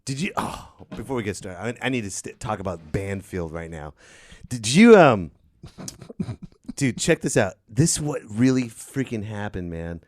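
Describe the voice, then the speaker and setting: Male podcast host, easy laughter, animated storyteller, dry sound. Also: on the low side, normal speed, no room sound. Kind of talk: casual podcast chat.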